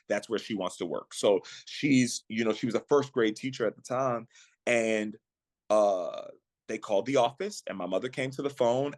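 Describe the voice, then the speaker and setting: A man on a podcast, earnestly telling a personal story of faith in a reflective way, slowing down at the emotional moments. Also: mid-range voice, no echo. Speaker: guest, actor and singer.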